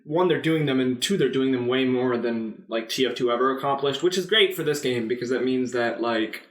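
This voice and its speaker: A man's voice: medium pitch, a little fast, reverberant. A young man co-hosting a casual gaming podcast, rambling and laughing as he talks. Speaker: podcast co-host. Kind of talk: casual chat.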